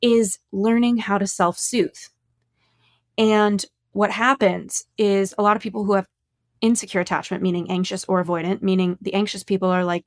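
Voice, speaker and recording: A woman's voice: medium pitch, steady tone, a little fast. A woman talking earnestly on a podcast, explaining ideas in casual chat. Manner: earnest, explanatory, speaks about psychology.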